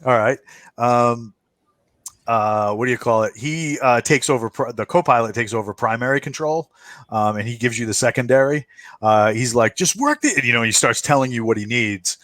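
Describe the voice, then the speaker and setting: A man narrating a tabletop game as game master, halting with many fillers and restarts while he describes the scene. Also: mid-range voice, a bit bright, dry recording.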